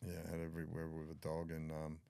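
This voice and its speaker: An older Australian man tells his story as a podcast guest in a fast, monotone bass voice that's gravelly and dark. He's blunt and swears freely, often acting out what others said. There's no room sound.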